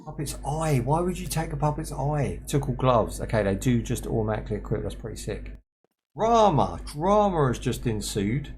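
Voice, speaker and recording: A man's voice: medium pitch, expressive, normal speed, soft background music. Chatty man joking through gameplay. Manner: chatty, joking, talks to chat and to himself. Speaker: streamer playing a survival game. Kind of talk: casual gameplay commentary.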